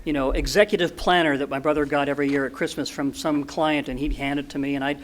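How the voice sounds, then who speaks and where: Older guy on a podcast, kinda high voice, earnest storytelling, lots of restarts. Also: steady tone, quick pace. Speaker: podcast guest. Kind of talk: storytelling in an interview.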